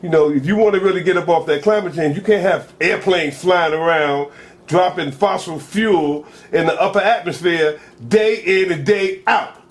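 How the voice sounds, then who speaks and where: This is a man co-hosting a casual talk show, his voice sitting high for a man. He tells stories in a loose, rambling way, full of slang and rhetorical questions. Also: moderate pace. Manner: animated, storytelling, rambling with slang. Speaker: co-host.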